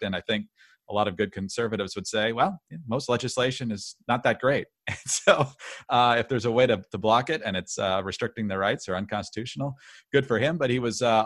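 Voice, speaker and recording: A man co-hosting a podcast, speaking in a measured, wry way with many fillers. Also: on the low side, a bit bright, dry recording, clean studio sound. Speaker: podcast co-host. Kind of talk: casual political commentary.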